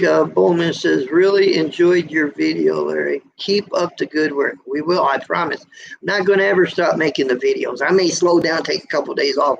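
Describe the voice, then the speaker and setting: A man's voice: on the high side, vocal fry, a little hiss or hum. A middle-aged man hosting a trucker's live stream, chatting casually, reading out viewer comments, teasing folksy and preaching about road safety. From USA. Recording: dull lo-fi live-stream audio.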